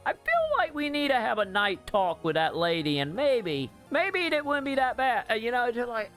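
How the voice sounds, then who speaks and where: A man's voice: extremely high pitch, huge pitch swings, normal speed, a bit bright, soft background music. A man hosting a gaming channel, ranting casually about a game's story, rambling with fillers and restarts and swearing bluntly when exasperated.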